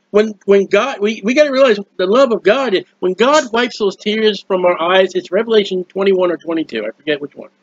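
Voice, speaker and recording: A man preaching a sermon in an earnest, rambling way, with restarts and quiet asides, recorded at home. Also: high-pitched, no room sound, lo-fi sound. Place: at home, birds heard nearby.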